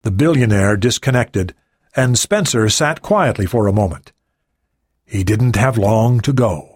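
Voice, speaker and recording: Male thriller narrator, lively pitch, expressive character voicing. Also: a little slow, husky. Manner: expressive, varies voices for characters. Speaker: audiobook narrator. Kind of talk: scripted narration.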